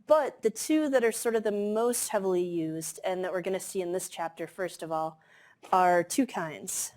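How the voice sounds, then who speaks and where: Casual woman lecturing, lowish voice. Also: normal speed, darkish tone. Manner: casual, filler-heavy explaining with frequent "um" and "like". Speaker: chemistry lecturer. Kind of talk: classroom lecture. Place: lecture hall.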